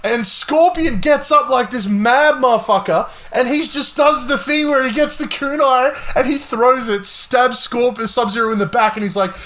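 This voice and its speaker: A young man hosting a casual gaming podcast, talking excitedly and swearing a lot. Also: very high-pitched, moderate pace, hardly any pauses. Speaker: podcast host.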